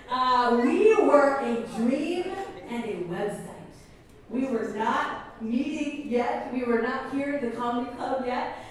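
A woman pastor giving a chatty, enthusiastic sermon with storytelling and prayer at a church service. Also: fairly high pitch. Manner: enthusiastic and chatty, many fillers. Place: church service in a comedy club venue. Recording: echoey hall from far off, faint noise.

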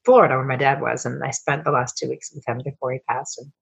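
A middle-aged woman, a coach and founder, telling personal stories as a podcast guest, emotional and swearing freely as she rambles with quick restarts. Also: very deep voice, steady tone, vocal fry, breathy edge. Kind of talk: candid storytelling interview.

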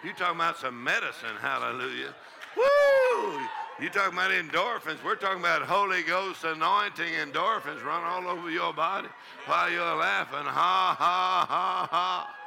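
A man's voice: fairly high pitch, fairly quick, creaky, a crowd in the background. A male pastor with a drawl preaching a charismatic sermon in a church, laughing and whooping often. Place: church sanctuary with congregation.

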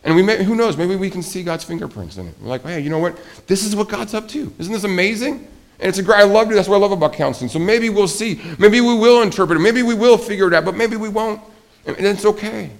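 A man's voice: sits high, expressive, fast, gravelly. A man preaching a sermon as pastor, speaking conversationally, asking the congregation questions and acting out quoted voices.

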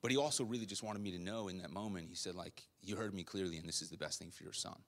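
A young man preaching a sermon, telling a personal story in a conversational, animated way with quoted dialogue. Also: deep voice, fast talker.

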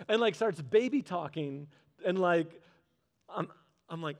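Man, high-pitched voice, sermon, conversational, questions to the congregation, slows on key phrases. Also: lively intonation, dull audio. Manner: asks the audience questions. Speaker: preacher.

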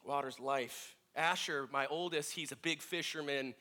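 Bright-voiced man telling family stories. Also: fairly high pitch, a little slow. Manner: reflective, animated in quoted voices. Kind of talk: personal storytelling sermon.

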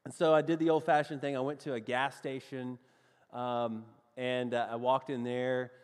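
A pastor with a Southern US accent tells a personal story during his sermon, lively and animated, addressing his listeners as friends. His medium-pitched voice is smooth and moves at normal speed, trailing a long reverb tail.

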